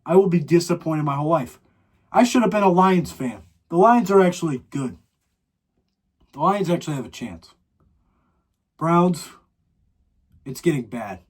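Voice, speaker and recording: A man's voice: a little high, animated, moderate pace, pauses often, a little mellow, breathy edge. A teenage boy from Ohio hosting his own podcast, ranting with dramatic, exasperated complaints. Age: teens. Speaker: podcast host. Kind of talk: solo podcast rant.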